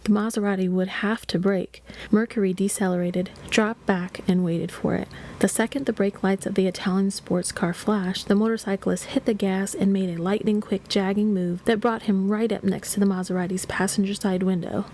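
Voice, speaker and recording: A woman reading a thriller audiobook aloud in a steady, even storytelling voice. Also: mid-range voice, normal speed, slight background noise. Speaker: audiobook reader. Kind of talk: audiobook narration.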